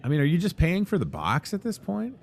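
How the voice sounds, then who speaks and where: A man's voice: fairly high pitch, huge pitch swings, a little fast, gravelly, a little mellow. A man hosting a casual live show from inside a grocery store, joking and rambling in an upbeat way. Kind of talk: casual live promo chat.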